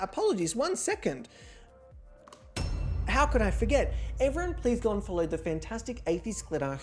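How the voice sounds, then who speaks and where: A woman's voice: mid-range voice, a little mellow. A woman hosting an online reality game show livestream in a playful, theatrical way, with casual swearing. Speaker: host.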